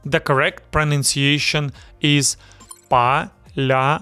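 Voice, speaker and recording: A Ukrainian-accented man with a slightly high voice talks unhurriedly, drawing out and repeating words so each sound can be heard. The recording is dry and close, with soft music playing underneath. He is a host teaching pronunciation to camera. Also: no room sound. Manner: slow, deliberate, repeats words to demonstrate sounds.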